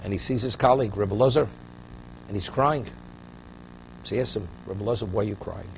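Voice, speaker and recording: A man's voice: fairly low pitch, fairly quick, creaky, slight background noise. Man teaching a Torah class, lo-fi. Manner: storytelling, rising to emphatic peaks.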